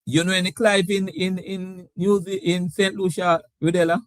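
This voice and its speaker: A man's voice: sits high, little pitch movement, normal speed, no echo. A man hosting a casual live sports talk stream. He laughs often and reads out viewer comments. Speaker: sports talk show host.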